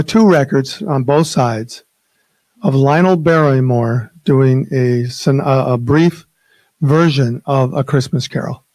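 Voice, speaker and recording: A man's voice: on the high side, darkish tone, dry recording. An older man giving a reflective personal talk at a spiritual open mic, speaking hesitantly with restarts.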